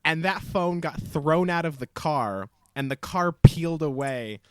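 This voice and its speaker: A man's voice: on the high side, lively intonation, a little slow, darkish tone, clean tone, no room sound, faint music behind. A man co-hosting a podcast, telling a story casually with many ums and acted-out quotes. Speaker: podcast co-host.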